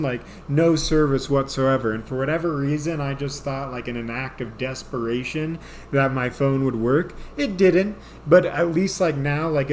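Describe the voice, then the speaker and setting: A man's voice: medium pitch, a little hiss or hum. A man telling a funny personal story to viewers in a rambling, self-deprecating way, often calling them folks. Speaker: storyteller vlogger. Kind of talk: casual comedic storytelling.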